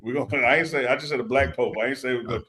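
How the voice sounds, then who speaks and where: A man's voice: medium pitch, rapid-fire, crowd noise. A tipsy man co-hosting a live talk show, joking in a laid-back way and dropping his voice on asides. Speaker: co-host. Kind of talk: casual banter.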